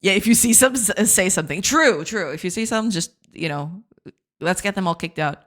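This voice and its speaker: A woman's voice: medium pitch, lively intonation, moderate pace, a bit bright. A woman streaming her game development, chatting casually with her viewers, giggly and reading chat aloud.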